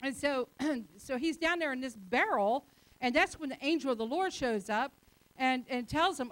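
A woman preacher with a notably high voice delivers a sermon. She talks to the congregation in a conversational way, presses her points hard and acts out short quotes. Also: normal speed, no echo.

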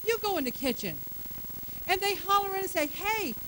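Woman pastor, middle-aged, high bright voice, preaches with lively acted-out dialogue, faint ambient hum. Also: a little fast, low-quality recording. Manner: animated preaching, acts out everyday dialogue; soft, hushed invitation at the close. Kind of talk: sermon with altar call.

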